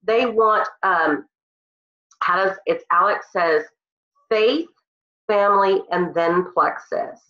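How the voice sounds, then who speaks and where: Slow and mid-range, with long pauses and a pushed, bright quality, a woman with a cold gives her team an emotional, earnest pep talk over a call. She sounds congested, and the phone or computer recording is dull, roomy and lo-fi.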